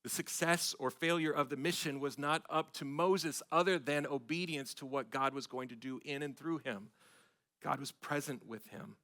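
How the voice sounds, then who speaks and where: A middle-aged man, a pastor, preaching a sermon with emphatic swells of loudness on key phrases. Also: a little high, normal speed. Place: church sanctuary.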